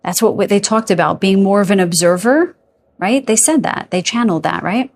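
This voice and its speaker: With vocal fry in her medium-pitched voice and a normal speaking speed, a woman reads tarot casually for her audience. Her talk wanders into asides, broken up by yawns and laughter and frequent "okay?" and "you guys."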